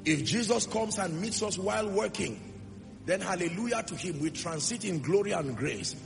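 A man preaching a sermon to a church congregation, emphatic, with rhetorical questions and swings between loud declarations and soft asides. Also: sits high, creaky. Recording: long hall reverb with music underneath. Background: music.

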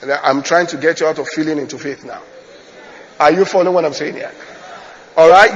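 A male pastor with a fairly high voice preaches a storytelling sermon. He repeats his phrases and keeps checking on his listeners. The sound is dull and hangs in a long hall reverb. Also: fairly quick, slight background noise.

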